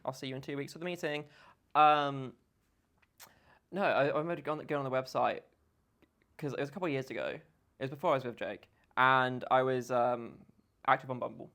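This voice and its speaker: A young man, a podcast guest telling animated stories in casual chat. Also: mid-range voice, brisk, long pauses. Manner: animated storytelling with quoted voices.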